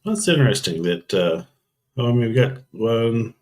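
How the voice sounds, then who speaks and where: A man's voice: medium pitch, big pitch swings, moderate pace, a little mellow. A man hosting a casual live stream, rambling through camera news and thinking aloud with frequent ums and restarts.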